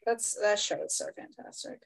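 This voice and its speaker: A woman in casual chat with fellow tabletop game players, quick, joking and opinionated. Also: low-quality recording.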